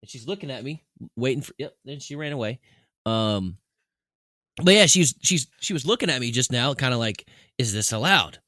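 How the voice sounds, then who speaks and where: A man's voice: mid-range voice, expressive, moderate pace, fairly bright tone, no echo, studio quality. A man co-hosting a podcast, chatting casually and acting out talks with his pet. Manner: chatty storyteller, acts out talks with his cat. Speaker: podcast co-host. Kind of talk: casual chat.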